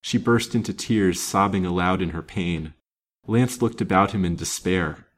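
A man reading a classic romance novel aloud as a storyteller, in a steady, measured way. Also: sits low.

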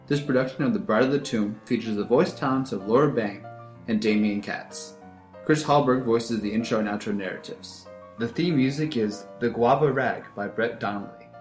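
A man reading outro credits in an even, formal announcing voice. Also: medium pitch. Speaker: podcast announcer. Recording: echoey room with music behind.

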